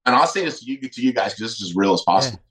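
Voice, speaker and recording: Middle-aged man, rapid emphatic storyteller, mid pitch, voices the other people in his stories. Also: lively intonation, a crowd in the background, low-quality recording. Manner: fast, emphatic, acts out quoted dialogue. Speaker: podcast guest, retired fighter. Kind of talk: candid personal storytelling.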